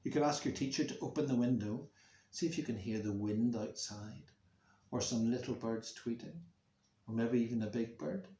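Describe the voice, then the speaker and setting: In a medium-pitched voice, a male music teacher reads slowly and expressively to schoolchildren, supplying sound effects along the way. The audio is dull, with a little hiss or hum and a roomy echo, recorded in a room at home near a main road with the window open.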